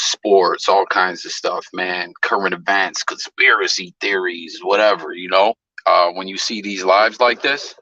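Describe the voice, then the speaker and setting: A man's voice: low-pitched, sharp tone, no echo, lo-fi sound. A man hosting a casual live stream, telling stories loosely with slang and profanity.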